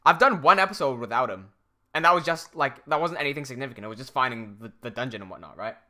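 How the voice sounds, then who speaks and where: A man's voice: mid-range voice, expressive, quick pace, sharp tone. A young man from Hong Kong with an American English accent, chatting casually on a livestream while reading out viewer comments. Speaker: streamer.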